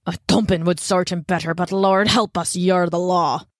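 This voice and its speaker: A woman's voice: on the low side, fairly even intonation, normal speed, no room sound, clean studio sound, close to an everyday voice. A woman voicing a gnarled, mean old man who barks threats in rustic speech. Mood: gruff. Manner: gruff, barking, rustic speech.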